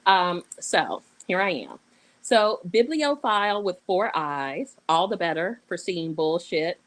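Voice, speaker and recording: A woman's voice: sits low, a bit bright, low-quality recording. A woman with a Southern US accent, an anthology co-editor reading a playful piece of her own aloud on a video call, with sassy asides. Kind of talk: online panel reading.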